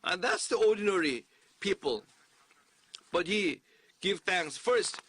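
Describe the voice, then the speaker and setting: High-voiced man preaching slowly. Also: expressive, fairly bright tone, husky, no room sound. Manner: halting, with frequent restarts and fillers; earnest, emphatic preaching. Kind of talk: sermon.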